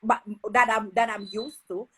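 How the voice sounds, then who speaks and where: Lively Jamaican woman host, enthusiastic. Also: a little high, moderate pace, low-quality recording. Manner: enthusiastic, exclaims and affirms loudly. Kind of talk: casual chat.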